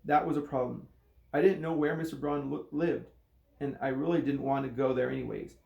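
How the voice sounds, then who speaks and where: A man's voice: mid-range voice, fairly quick, gravelly, reverberant, dull audio. A man, a coach, reading a children's novel aloud with voiced dialogue. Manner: steady storytelling with voiced dialogue.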